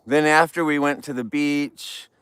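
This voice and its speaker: A man's voice: on the high side, fairly even intonation, slow, fairly bright tone, clear, resonant tone, no room sound. A man from California hosting a casual livestream, chatting and joking with viewers while trimming flowers. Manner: chatty, jokey, greets viewers. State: tired. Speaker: livestream host.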